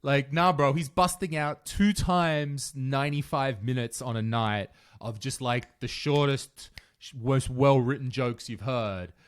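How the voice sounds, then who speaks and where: A man chats casually on a podcast, telling stories about life on the road. He is animated and loose, swearing now and then, and his voice sits at an everyday middle pitch. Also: a little slow, clean tone. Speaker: podcast co-host. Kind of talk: casual chat.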